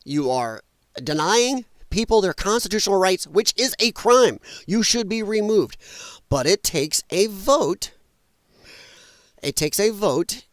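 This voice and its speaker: Fired-up guy ranting on his stream, cusses, pitch swinging all over, kinda high voice, dry close sound. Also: expressive, measured pace, no room sound. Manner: angry, blunt, profane, ranting. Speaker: livestream host. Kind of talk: heated political livestream rant. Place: at his computer while streaming.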